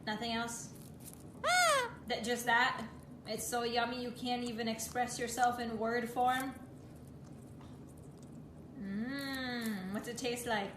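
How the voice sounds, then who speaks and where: A woman's voice: fairly high pitch, steady tone, slow, long pauses, background noise. Teasing woman in an echoey room. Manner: teasing, questioning. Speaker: pet owner. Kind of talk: playful talk to a pet parrot.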